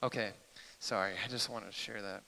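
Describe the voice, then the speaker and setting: Host, male, keen and excitable, crisp bright tone, live in a reverberant church hall. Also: on the low side, fairly quick. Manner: eager, excitable, apologetic asides. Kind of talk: live Q&A sharing. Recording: echoey hall.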